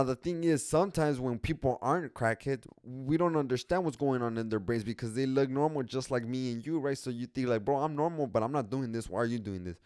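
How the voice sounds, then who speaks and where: A man's voice: medium pitch, a little mellow, clear, resonant tone, no room sound, studio quality. A young man hosting a podcast, talking casually in a rambling way with lots of slang, swearing and restarts. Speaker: podcast host.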